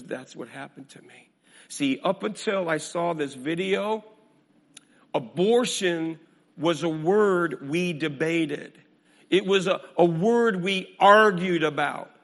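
A male minister preaching a sermon, swinging from hushed storytelling to booming emphasis with a repetitive cadence. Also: animated, slow, vocal fry, in a large hall.

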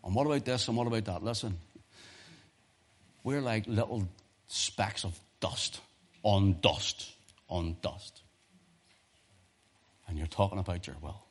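A man preaching a sermon, swinging from quiet, urgent asides to impassioned cries, quoting scripture in old-fashioned wording. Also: lowish voice, measured pace, pauses often, husky. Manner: archaic scripture quotations in King James wording.

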